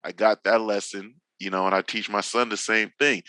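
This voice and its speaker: A man in his forties from Northern California, a drifting veteran, guests on a podcast for a casual chat full of slangy, profane stories in which he acts out what people said. His voice is fairly low and sharp, with fairly even intonation at normal speed, on poor audio without echo.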